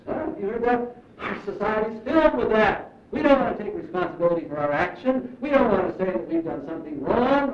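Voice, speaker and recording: A man preaching a sermon in an earnest, emphatic manner, slowing down to stress key phrases. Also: high voice, animated. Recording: roomy, distant, muffled recording.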